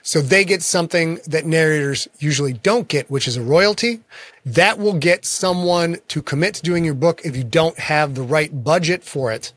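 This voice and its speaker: A man's voice: fairly high pitch, normal speed, a bit bright, no echo. A man, a guest author in a casual interview, telling frank and self-deprecating stories about his work.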